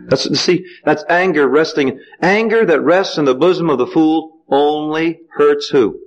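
A man preaching a sermon, asking the congregation questions and letting them call back the answers, with sudden swings in pitch and pace. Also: unhurried, hardly any pauses, dull audio. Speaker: pastor.

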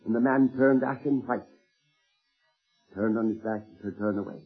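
A man delivers a sermon in a husky voice, earnestly retelling anecdotes and slowing down to stress key words. The recording is thin and phone-like, as if taken from an old sermon tape, with faint music behind him. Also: lowish voice. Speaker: preacher. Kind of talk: sermon storytelling.

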